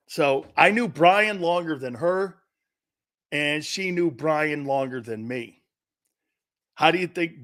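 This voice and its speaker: A man's voice: a little high, fairly bright tone. Chatty laughing male sports host. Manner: rambling storyteller, laughs a lot, quotes others. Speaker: sports talk show host. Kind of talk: casual live-stream sports talk.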